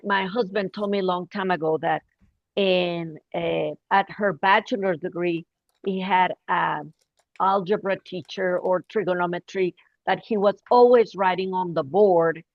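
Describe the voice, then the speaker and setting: Slow-talking woman on a dull video call. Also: lowish voice, fairly even intonation, dry recording. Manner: slow, halting, many fillers. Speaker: session leader, teacher trainer. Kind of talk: online teacher training talk.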